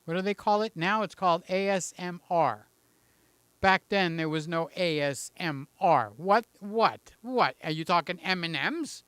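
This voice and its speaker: A man's voice: sits high, a little slow, a bit bright, clean tone, no echo. A man in his late sixties hosting a live stream, chatting casually and greeting viewers by name in a rambling way. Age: 60s. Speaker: livestream host.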